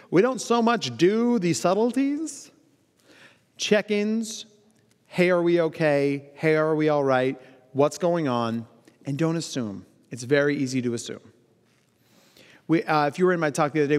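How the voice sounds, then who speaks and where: Animated man speaking in a reverberant hall. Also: a little high. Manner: animated, playful, acts out quoted voices. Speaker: keynote speaker. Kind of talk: conference talk. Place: large conference hall.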